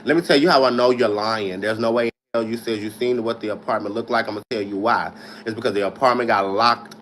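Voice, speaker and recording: A man chatting on a livestream, speaking in an animated, emphatic and defensive way. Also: fairly low pitch, fast, a little hiss or hum. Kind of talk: livestream chat.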